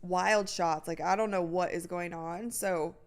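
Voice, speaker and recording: A woman hosting a live watch party, chatting casually through the game, answering viewers' comments and bursting into excited exclamations at big plays. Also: lowish voice, a little slow.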